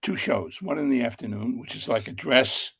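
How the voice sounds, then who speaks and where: Gravelly older man spinning a yarn. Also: medium pitch, expressive, moderate pace, fairly bright tone. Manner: rambling, with many fillers and self-corrections. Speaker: guest. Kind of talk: casual anecdote telling.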